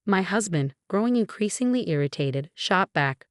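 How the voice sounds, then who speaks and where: A woman narrating a dramatic family story in a scripted, measured reading voice. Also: fairly low pitch, animated, no room sound, clean studio sound.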